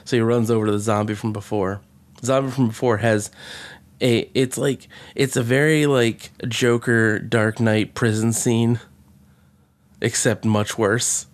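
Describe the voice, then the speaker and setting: A man casually recapping a movie with sarcasm and profanity, mocking its lines in quick impressions. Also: medium pitch, steady tone. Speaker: podcast co-host. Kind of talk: casual movie review chat.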